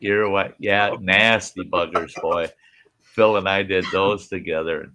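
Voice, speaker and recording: A man's voice: deep voice, steady tone, a little slow, sharp tone. A man hosting a casual campfire chat, telling rambling anecdotes and acting out what people said, laughing along. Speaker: host.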